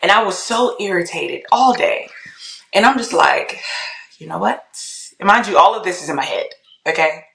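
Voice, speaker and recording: Podcast guest, woman, animated testimony, lower voice, roomy echo. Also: moderate pace, creaky. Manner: animated storytelling, laughs often, acts out her inner voice. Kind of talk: casual testimony.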